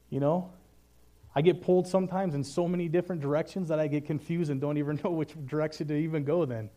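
A man's voice: on the high side, warm tone. A man preaching a sermon in an earnest, casual way, often saying "man" and reading scripture aloud.

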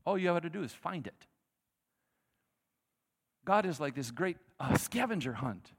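A male pastor preaching a sermon in a conversational, animated way, acting out the people in the story. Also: a little high, measured pace, slightly rough, long reverb tail. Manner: animated, conversational, acts out quotes.

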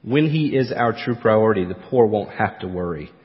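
A man's voice: lowish voice, animated, normal speed, highs cut off. Male pastor preaching in a reverberant hall. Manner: rising to emphatic peaks, then dropping to quiet asides. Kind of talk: sermon.

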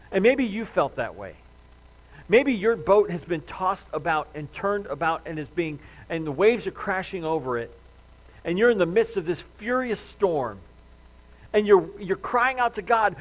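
A male pastor delivering a sermon, swinging between loud pleading and hushed low tones, with casual joking asides to the congregation. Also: sing-song, moderate pace, low-quality recording.

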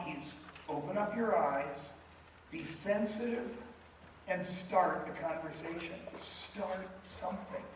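A man preaching a sermon, telling stories in a conversational way and leading a closing prayer. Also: on the high side. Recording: echoey room from a distant mic with faint noise.

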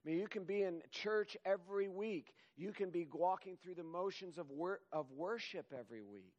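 A man preaching a sermon in a slow, earnest way, building to emphatic exhortation and closing in prayer. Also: high voice, darkish tone, muffled recording.

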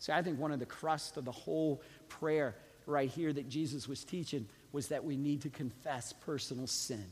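A man preaching a sermon as a pastor, calling on the congregation to repeat after him and swinging from quiet asides to shouted emphasis. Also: a little high, fairly even intonation, moderate pace, few pauses, breathy edge. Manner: preaching with call-and-response to the congregation. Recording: long reverb of a large hall.

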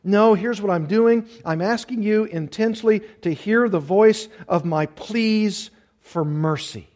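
A man's voice: on the high side, a little mellow. A man preaching an earnest expository sermon, repeating key phrases for emphasis. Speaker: pastor.

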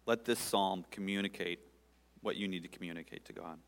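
Low-voiced male pastor, earnest sermon delivery, long reverb of a church hall. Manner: earnest, pausing, conversational with the congregation.

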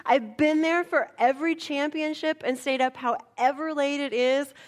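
A woman pastor giving a sermon, telling a personal story in an animated, playful way. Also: high voice, moderate pace.

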